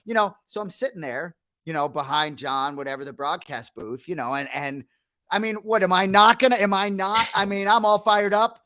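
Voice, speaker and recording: A man's voice: high-pitched, animated, brisk, pushed and bright. A man hosting a podcast in casual chat, enthusiastic and repeating his phrases. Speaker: podcast host.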